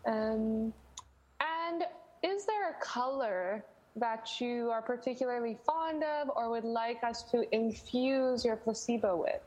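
A woman co-host asking brisk, upbeat questions in a casual interview. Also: fairly high pitch, a little mellow.

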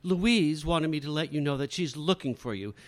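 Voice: medium pitch, lively intonation, moderate pace, lightly acted. An actor playing a young mother who speaks in a cutting, sarcastic way. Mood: bitter. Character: bitter, distraught young mother. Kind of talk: audio drama acting.

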